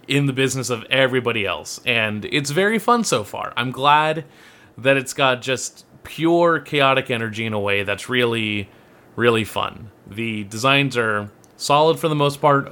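A man with a bright, forceful voice co-hosts a casual podcast. He tells stories in a playful, animated way. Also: mid-range voice. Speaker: podcast co-host, anime reviewer.

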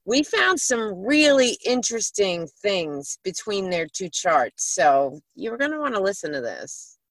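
A woman's voice: mid-range voice, very animated, measured pace, fairly bright tone, no room sound, poor audio. A woman co-hosts a casual podcast and talks bluntly, cursing freely as she goes. The sound is dry and close, with no room around her voice. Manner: blunt and profane, swearing freely. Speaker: podcast co-host. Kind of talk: casual chat.

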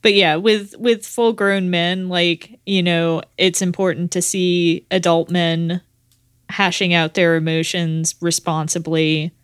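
A woman chatting on a podcast with a lowish voice. She is recorded dry and close, with no room sound. She mostly agrees in short replies and restarts her sentences now and then. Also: flat delivery, slow, clear, resonant tone, dry recording. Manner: agreeable, brief backchannels, hesitant restarts. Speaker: podcast co-host. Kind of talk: casual chat.

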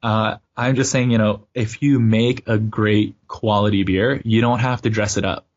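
A man's voice: fairly low pitch, fairly even intonation, normal speed. A man hosting a podcast, chatting casually and rambling with lots of fillers. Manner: rambling, many "you know" fillers. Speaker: podcast host. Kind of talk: casual chat. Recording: dull lo-fi sound.

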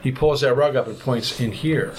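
A man, a podcast guest, telling a travel story in a vivid, animated way. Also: mid-range voice, normal speed, slight background noise. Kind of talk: storytelling anecdote.

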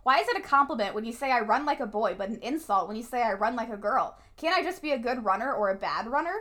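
A woman's voice: on the high side, expressive, fast, a bit bright. A woman casually recapping a TV episode with a co-host, chatty and adding her own opinions on the scenes.

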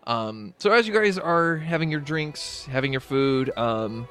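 A man narrating as dungeon master in a relaxed way, with many ums. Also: fairly high pitch, a little slow, smooth, soft background music. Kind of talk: narrating a tabletop game.

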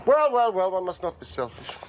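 A lofty Victorian detective from an old television drama, languid and bored with the world. The delivery is crisp and theatrical, and the pitch swoops widely between phrases. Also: male voice, very animated, brisk, a little hiss or hum. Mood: wry, languid. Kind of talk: 1980s television drama acting.

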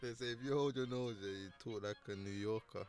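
A young man with a British accent chatting casually. His delivery is relaxed and slangy, and he leans toward jokes and playful asides. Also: on the low side, fast talker, crowd noise. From United Kingdom. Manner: laid-back, slangy, jokey. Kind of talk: casual chat.

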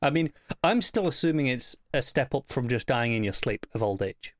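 A man's voice: mid-range voice, lively intonation, normal speed, no room sound. A man co-hosting a casual chat about a TV episode, making dry joking asides, often stammering on restarts. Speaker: podcast co-host.

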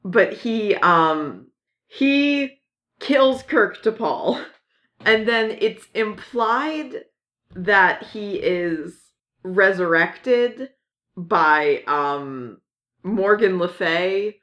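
A woman with a mid-range, fairly bright voice co-hosts a casual podcast chat about comics. She rambles, using many fillers and restarts, and giggles often.

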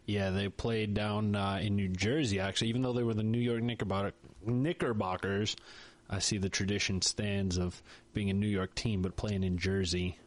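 A man's voice: fairly low pitch, steady tone, normal speed. A man co-hosting a podcast, chatting casually with jokes and self-mocking asides. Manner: joking, rambling, self-mocking. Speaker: podcast co-host.

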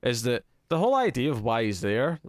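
A man chats casually as a podcast co-host, rambling in a jokey, animated way. His voice sits at an ordinary middle pitch. The recording is dry and close, with no room echo. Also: brisk. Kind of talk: casual chat reviewing a TV episode.

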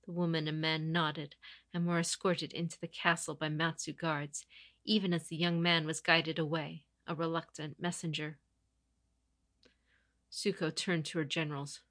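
Woman narrating a story, bright tone. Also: low voice, flat delivery, normal speed, dry recording, studio quality.

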